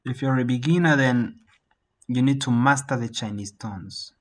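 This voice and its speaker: A man teaching a beginner Mandarin class over a video call, saying words slowly for learners to repeat. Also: medium pitch, rough recording. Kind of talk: online language lesson.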